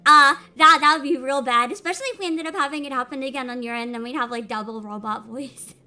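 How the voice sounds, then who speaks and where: A woman's voice: high voice, quick pace, very noisy. A woman hosting a live stream, chatting casually and giggling often. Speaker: streamer host.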